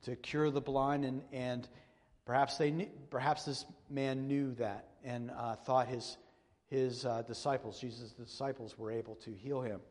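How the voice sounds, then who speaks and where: Male pastor, earnest and measured, mid-range voice, preaching in a reverberant church hall. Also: medium pitch, fairly even intonation, darkish tone. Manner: earnest, measured, repeats and restarts phrases. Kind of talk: sermon with scripture reading.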